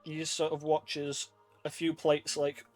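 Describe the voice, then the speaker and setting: A man's voice: a little high, completely flat delivery, moderate pace, faint music behind. A man narrating as game master over a voice call from his room, in a loose, rambling way full of fillers. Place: his own room at home. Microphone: computer mic on a voice call.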